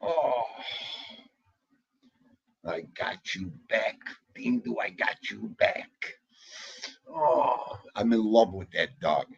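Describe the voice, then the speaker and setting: A man hosting a casual livestream, chatting loosely and greeting viewers by name with an animated, jokey manner. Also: fairly low pitch, slow, vocal fry, long pauses, slightly rough, highs cut off. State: out of breath. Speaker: livestream host.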